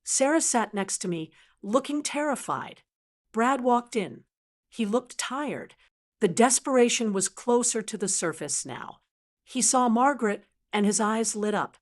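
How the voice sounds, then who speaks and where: A woman's voice: on the high side, lively intonation, unhurried. Woman narrating a dramatic story. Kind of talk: scripted first-person story narration.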